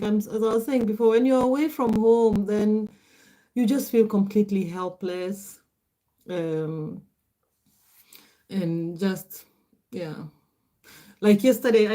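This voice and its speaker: A medium-pitched, dark-toned woman's voice belongs to a middle-aged Kenyan livestream host who speaks Swahili as her first language. She keeps it casual, chatting, laughing often and reading out answers to viewers' comments.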